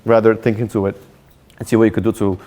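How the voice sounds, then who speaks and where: A man, a rabbi, telling a story and drawing a life lesson from it in an animated way. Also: on the low side, quick pace. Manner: animated storyteller, repeats himself when excited. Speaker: rabbi teaching a Torah class. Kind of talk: storytelling sermon with a moral lesson.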